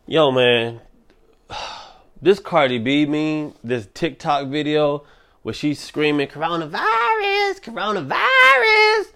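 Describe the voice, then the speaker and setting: A young man rants alone on his podcast, cursing freely and winding himself up. His voice sits a little high for a man. He jumps between muttering asides and loud, animated bursts. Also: slow pace, pauses often, clean tone. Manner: profane, animated ranting with mock voices. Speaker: podcast host. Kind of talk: solo ranting podcast.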